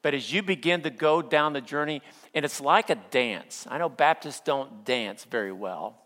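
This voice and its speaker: A middle-aged male pastor preaching a sermon, telling stories with playful humor and acting out quotes, then slowing down for earnest points. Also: mid-range voice, fairly bright tone. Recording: long hall reverb.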